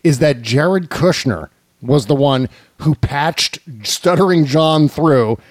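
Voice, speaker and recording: Male podcast host, animated and incredulous, slightly high voice, dry close sound. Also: slow pace, dry recording. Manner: animated, incredulous storytelling with laughs. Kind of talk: casual chat.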